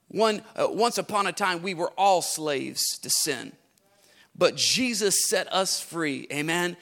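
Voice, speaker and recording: A man preaching a livestreamed sermon, swinging from hushed, slow lines to shouted, sing-song repeated phrases. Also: sits high, animated, vocal fry. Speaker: pastor.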